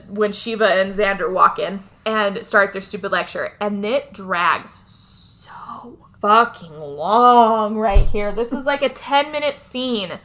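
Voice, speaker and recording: A woman's voice: on the high side, a bit bright. A woman co-hosting a podcast, recapping a film in casual chat with blunt, sarcastic remarks and free swearing.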